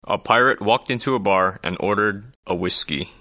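A man narrating a scripted joke with steady storytelling delivery. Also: fairly low pitch, normal speed, no echo. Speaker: joke teller.

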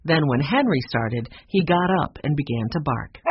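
A woman narrating a children's chapter book in a measured storytelling way. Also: low voice, expressive, background noise. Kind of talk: audiobook narration. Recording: dull lo-fi sound.

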